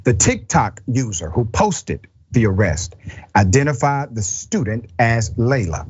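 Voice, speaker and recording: A male host delivers impassioned commentary, his pitch swinging widely as he leans into points. The voice has a husky edge, and the recording sounds dull and lo-fi. He speaks with emphatic indignation. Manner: indignant, emphatic, addresses the professor directly.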